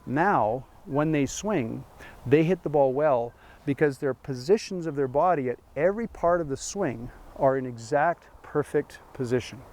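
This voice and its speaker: A man's voice: on the high side, measured pace, a little mellow. A man, a golf teaching pro, giving a chatty lesson full of rhetorical questions and dry sarcasm. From Canada.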